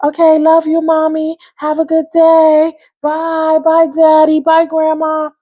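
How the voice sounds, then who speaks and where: A woman's voice: high voice, completely flat delivery, slow, mellow, lo-fi sound, pitched above the performer's own voice. A woman voicing an overly polite young child saying sweet, singsong goodbyes. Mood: sugary. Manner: singsong, sugary farewells.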